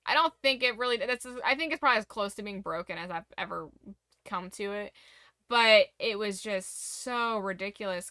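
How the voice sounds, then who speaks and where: A woman's voice: medium pitch, sharp tone, clean tone, no echo. A young woman streamer in a casual late-night chat, speaking candidly and reflectively about her struggles, rambling with restarts.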